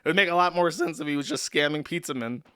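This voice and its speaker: A man hosts a livestream with a bright, forceful voice that comes through smooth and crisp. He rambles in a sarcastic, profane, joking way, close on a desk mic with a dry sound and no room around it. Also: on the high side, quick pace, no room sound. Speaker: streamer host. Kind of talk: livestream commentary.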